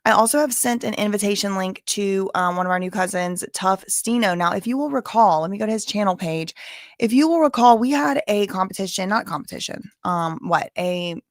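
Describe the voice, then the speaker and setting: A woman's voice: medium pitch, a little fast, hardly any pauses, no room sound, studio quality. Chatty Cajun woman hosting a livestream. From Louisiana. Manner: chatty, rambling, with filler words and asides. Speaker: livestream host. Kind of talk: casual livestream chat.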